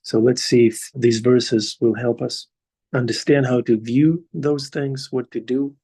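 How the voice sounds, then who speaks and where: A man leading a devotional scripture class over a video call, talking in a halting way with many pauses. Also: medium pitch, fairly even intonation, mellow, breathy edge. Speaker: class leader.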